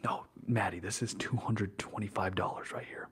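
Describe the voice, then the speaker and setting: A young man whispering through an ASMR livestream while opening trading card packs, slangy and excitable, bursting into loud hype now and then. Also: fairly low pitch, normal speed, slightly rough. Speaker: ASMR streamer.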